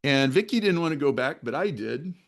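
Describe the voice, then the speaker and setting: A man leads a group discussion and tells a long personal story in a lively, animated way. He switches into the voices of the people in his story as he goes. His speaking voice sits a little higher than most men's. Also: a little fast, gravelly. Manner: animated, acts out other people's lines in the story. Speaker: discussion leader. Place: online video meeting.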